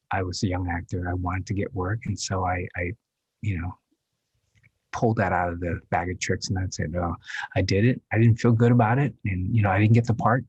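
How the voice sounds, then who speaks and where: A man in his fifties, a guest actor telling his story in an interview, halting and reflective with many restarts. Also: fairly low pitch, a little mellow, husky, no echo, lo-fi sound.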